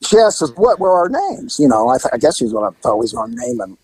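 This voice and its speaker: A man, a former police officer, telling lively stories on a podcast, laughing and acting out the voices. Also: medium pitch, fast, breathy edge, no room sound, low-quality recording. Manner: animated, laughing, acts out voices. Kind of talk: casual storytelling podcast.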